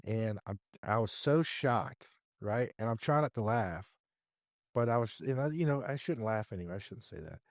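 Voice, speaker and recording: A man as a podcast guest, telling a business story in a lively way and acting out his own dialogue. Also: on the low side, moderate pace, dry recording, clean studio sound. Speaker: podcast guest, real estate investor. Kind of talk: conversational storytelling interview.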